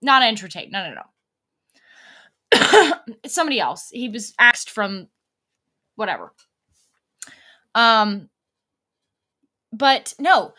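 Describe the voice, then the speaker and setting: A woman's voice: medium pitch, big pitch swings, slow, pauses often, pushed and bright. A woman hosting a livestream, talking in a blunt, profane, rambling way as she tells stories casually to her viewers. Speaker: livestream host.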